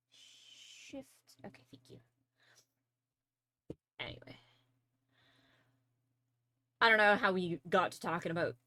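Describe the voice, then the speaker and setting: Drawing on stream, a young Canadian woman talks in a medium-pitched, slightly bright voice. Her chat wanders, packed with fillers, and she laughs readily.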